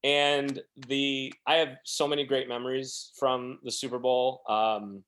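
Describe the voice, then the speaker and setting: A man's voice: medium pitch, flat delivery, unhurried, fairly bright tone. A man telling rambling, self-deprecating stories as a podcast guest, acting out the quotes of other people. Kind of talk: casual storytelling.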